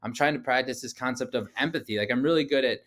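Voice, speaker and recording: A man in his thirties, a podcast guest, telling personal stories in a casual interview. He talks in an animated way, often says "like", and acts out quoted dialogue. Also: mid-range voice, quick pace.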